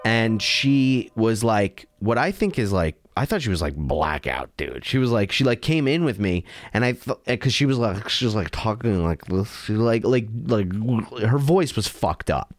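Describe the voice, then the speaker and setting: A man, a comedian, telling a rambling, animated story full of restarts and fillers. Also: lowish voice, normal speed, few pauses. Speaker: comedian guest.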